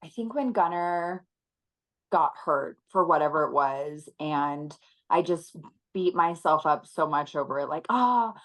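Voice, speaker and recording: A woman in her thirties, a guest on an interview podcast, talking earnestly and reflectively, with soft laughs now and then. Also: low voice, a little slow, rough recording. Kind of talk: conversational interview.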